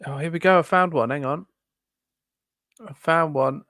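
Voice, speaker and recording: A man co-hosting a casual podcast chat, talking in halting bursts full of ums and restarts. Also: fairly high pitch, a bit bright, no echo, clean studio sound. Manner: hesitant, lots of ums and restarts. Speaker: podcast co-host.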